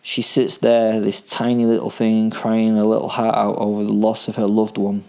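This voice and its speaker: A man's voice: on the low side, completely flat delivery, moderate pace, mellow. A man narrating a first-person horror story in a dry, darkly comic, matter-of-fact way. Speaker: podcast host and narrator.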